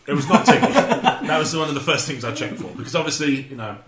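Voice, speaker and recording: A man's voice: a little high, quick pace, a crowd in the background. A man hosting a podcast, telling a rambling story with jokes and frequent laughter. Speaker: podcast host. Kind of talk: casual chat. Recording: echoey room, faint noise.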